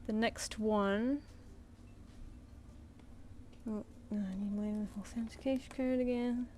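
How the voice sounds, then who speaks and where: A woman's voice: a little high, fairly even intonation, slow, darkish tone, slight background noise. A woman artist chatting casually on a live stream while she draws, muttering and counting under her breath.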